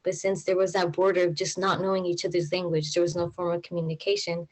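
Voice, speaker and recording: A woman's voice: on the low side, little pitch movement, fast talker, low-quality recording. A young woman telling a personal story on stage, in a casual way with many fillers and an anxious tone. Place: stage at a live event.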